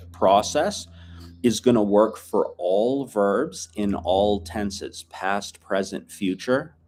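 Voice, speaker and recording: A man teaching a filmed language lesson in a relaxed, chatty way, repeating phrases to drill them. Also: lowish voice, slight background noise.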